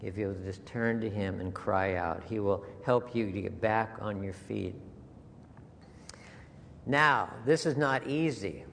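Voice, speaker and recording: A man preaching a sermon at an unhurried pace, earnest and conversational, circling back to key phrases. His voice carries a long hall reverb with a faint hiss underneath. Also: on the low side, vocal fry, a bit bright. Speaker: pastor.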